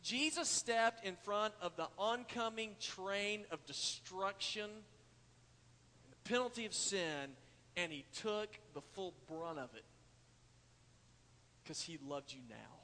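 High, bright preacher in a hall. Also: male voice, lively intonation, slow pace. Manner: emphatic, swings from loud to hushed. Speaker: pastor. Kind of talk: sermon.

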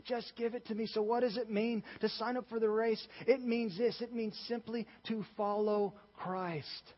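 A man's voice: sits high, steady tone, a little slow. A young man preaching a sermon as a youth pastor, emphatic and passionate, often restarting his sentences. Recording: dull sound with long reverb in a large hall.

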